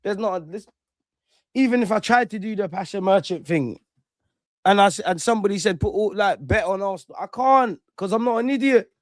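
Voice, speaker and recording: High-voiced man ranting on stream. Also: fairly quick, dry recording, studio quality. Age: 30s. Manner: animated, slangy, swings between loud and muttered. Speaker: livestream host. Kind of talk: casual livestream rant.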